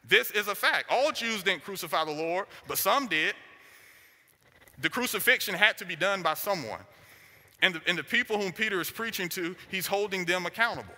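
A man's voice: sits high, expressive, normal speed, bright, forceful tone. A man preaching a sermon, driving his points home with short, repeated declarations. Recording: long hall reverb.

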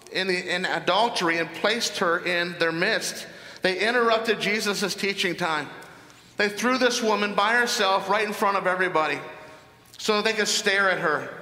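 A man preaching a sermon, explaining a Bible passage in a deliberate, emphatic way. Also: sits high, bright, forceful tone. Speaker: pastor. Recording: echoey hall with long reverb.

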